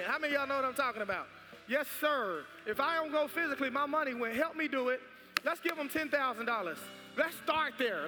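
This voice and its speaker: High-voiced fervent pastor. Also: male voice. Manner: fervent, repetitive exhortation. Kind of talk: sermon with offering and prayer. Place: large church sanctuary. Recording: reverberant church hall with music.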